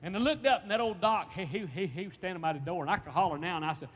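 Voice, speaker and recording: A man preaching a sermon, stammering and repeating words in folksy, emphatic speech that swings from loud to hushed. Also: high voice, rapid-fire, few pauses. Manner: emphatic, swinging between shouts and hushed tones. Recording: long reverb, faint background noise.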